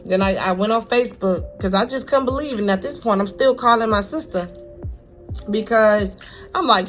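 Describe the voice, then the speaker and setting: A young woman from Florida, telling a personal story to camera in a halting, repetitive, heartfelt way with casual slang. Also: a little high, faint music behind. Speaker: vlogger.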